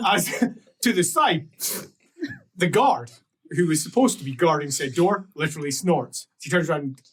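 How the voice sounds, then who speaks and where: A game master narrates a tabletop game with lively, swooping intonation and frequent laughter. The voice is husky and sits somewhat away from the microphone. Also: mid-range voice, normal speed, recorded from a distance. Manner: animated storytelling, frequent laughs and fillers.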